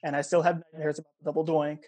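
A man's voice: on the high side, flat delivery, racing, darkish tone. A man hosting a radio sports show, joking easily and laughing along with his guest. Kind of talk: casual sports talk.

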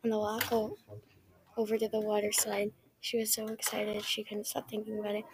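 A woman's voice: mid-range voice, monotone, brisk. A woman reading a children's story aloud in a plain way, with small slips and restarts. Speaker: reader.

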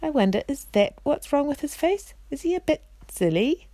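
Impulsive young girl, read by a woman, storybook, slightly raised pitch, dry sound. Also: sing-song, normal speed, mellow, no echo. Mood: eager. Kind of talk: reading a storybook aloud.

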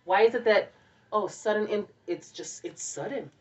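Profane, animated woman on a podcast. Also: medium pitch, normal speed. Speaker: podcast co-host. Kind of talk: casual chat. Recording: dull, distant lo-fi recording.

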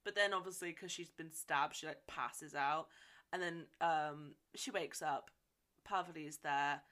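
A woman's voice: sits low, a little slow, sharp tone. A woman co-hosting a podcast, casually recapping a film, swearing freely and laughing as she retells it. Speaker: podcast co-host.

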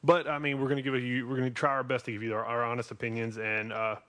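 A man's voice: medium pitch, little pitch movement, quick pace, sharp tone. A man with a Southern US accent hosting a wrestling podcast, rambling and often restarting his sentences. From North Carolina. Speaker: podcast host. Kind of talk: casual podcast chat.

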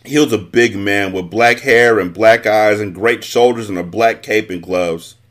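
A man hosting a book podcast, reading a novel aloud with expressive, animated storytelling. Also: on the low side, unhurried.

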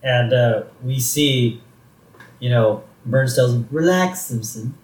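A man's voice: medium pitch, little pitch movement, slow pace. A man co-hosting a podcast, chatting casually about a cartoon episode, laughing often and quoting lines playfully. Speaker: podcast co-host. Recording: roomy echo.

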